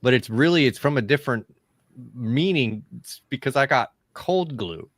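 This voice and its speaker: A man's voice: mid-range voice, lively intonation, normal speed, dry recording, studio quality. A man co-hosting a video-call chat, talking casually about shop tools with chuckling asides.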